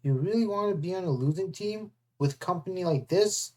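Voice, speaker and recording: A reader puts on a smooth, scheming young man from a storybook, calm and mocking as he tries to win someone over. The voice sits at a middling pitch, neither high nor low. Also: moderate pace, close to an everyday voice. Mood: persuasive. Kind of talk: storybook read-aloud.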